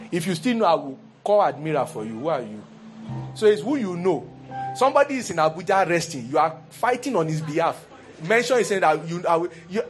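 A pastor preaching a sermon in an animated, humorous way, full of rhetorical questions. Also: male voice, on the high side.

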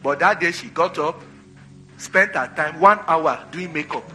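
A man preaches with a bright, forceful voice pitched a little high. He drives home his points by repeating phrases and calling for answers from the congregation. Soft music plays faintly behind him. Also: a little slow. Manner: call-and-response preaching, repeats phrases for emphasis. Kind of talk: sermon.

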